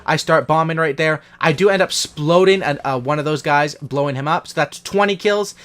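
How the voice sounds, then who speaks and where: A young man with a fairly high voice walks through his own match in post-game commentary, casual and excited. He talks like a gaming channel host to his viewers, hyped about every play. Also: fairly quick. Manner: hyped, casual gamer talk.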